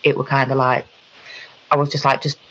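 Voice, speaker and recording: A woman recounting a personal experience in conversation, halting, with frequent ums and restarts. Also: a bass voice, flat delivery, fairly bright tone, muffled recording. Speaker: guest.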